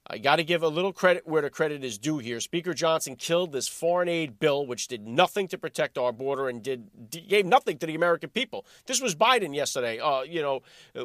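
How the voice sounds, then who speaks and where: High-pitched, sarcastic male podcast host. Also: fast, dry recording, clean studio sound. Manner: animated, sarcastic, rhetorical questions. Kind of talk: political commentary monologue.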